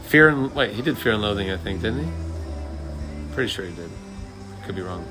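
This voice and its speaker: A man's voice: lowish voice, expressive, brisk, over loud music. A man in his thirties hosting a live chat and answering viewer questions, rambling and full of fillers and restarts. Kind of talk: casual chat.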